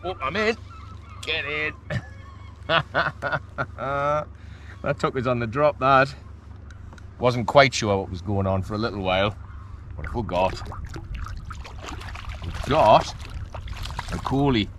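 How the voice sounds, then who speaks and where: A man, chatting excitedly to the camera from his kayak while fishing at sea, often laughing. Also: mid-range voice, slow pace, pauses often, slight background noise. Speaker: kayak angler filming his fishing trip. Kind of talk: casual vlog commentary. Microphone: action camera mic.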